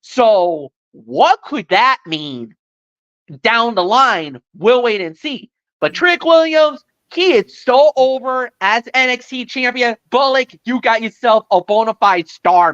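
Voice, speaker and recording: A chatty, animated woman recapping wrestling on a casual podcast, stumbling over repeated words when excited. Her voice sits a little high. The recording is dry and a bit dull. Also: clear, resonant tone, dry recording. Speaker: podcast co-host.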